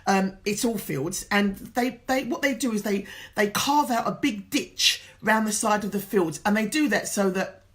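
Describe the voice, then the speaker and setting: A woman's voice: medium pitch, moderate pace. A woman life coach from England telling an earnest, emotional motivational story, tearful at times. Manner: emotional, earnest, tells a story with quoted dialogue.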